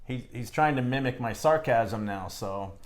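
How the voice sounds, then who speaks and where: A man's voice: mid-range voice, moderate pace. Easygoing man hosting a chat. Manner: easygoing, sarcastic humor. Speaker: host. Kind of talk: casual interview chat.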